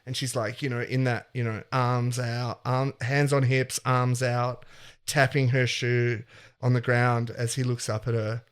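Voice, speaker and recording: Man telling a silly story, playfully animated. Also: medium pitch, unhurried, clear, resonant tone. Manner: animated, acts out characters' lines in quotes. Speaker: podcast co-host. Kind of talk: comedic improvised storytelling.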